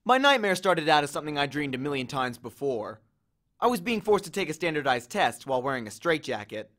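A man narrating a novel in the first person in a measured, expressive storytelling manner. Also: on the high side. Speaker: audiobook reader.

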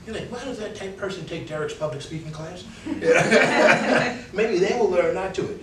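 A man's voice: high voice, brisk, a loud crowd. A man with a New York accent, a public speaking instructor giving candid, conversational feedback to a class and mimicking filler words as he corrects them. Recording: echoey room, mic from a distance.

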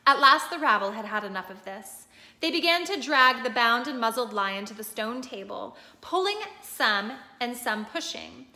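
A woman reading a storybook aloud with steady, expressive storytelling, now and then stopping to explain a picture. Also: on the high side, moderate pace. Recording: echoey room.

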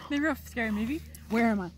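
A woman's voice: fairly high pitch, expressive, normal speed, a little mellow, slight background noise. Dry-joking young woman outdoors. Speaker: vlogger's friend. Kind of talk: casual chat. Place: outdoors in a rainforest picnic area.

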